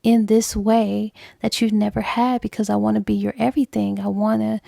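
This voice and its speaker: A woman's voice: medium pitch, gravelly, dark tone, no echo, studio quality. A woman voicing a young wife who earnestly tries to persuade her husband and best friend, speaking in a pleading, coaxing way.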